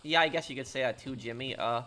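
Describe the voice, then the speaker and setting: A man's voice: medium pitch, fast talker, pushed and bright. A man streaming a game, chatting casually and answering chat questions, with frequent fillers and restarts. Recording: noisy game audio underneath.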